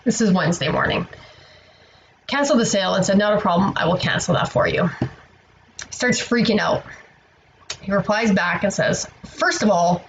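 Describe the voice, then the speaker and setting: A tired woman vlogger tells her story in a rambling, exasperated way and swears freely. Her pitch is mid-range for a woman. A faint hiss of background noise runs under the recording. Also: moderate pace, long pauses. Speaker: online seller vlogger. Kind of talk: casual storytelling to camera.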